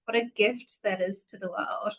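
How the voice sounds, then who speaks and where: A woman's voice: mid-range voice, steady tone, moderate pace, fairly bright tone, low-quality recording. A woman with a middle-range voice hosts a casual podcast chat. She is effusive and affirming as she responds to her guest. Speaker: podcast host.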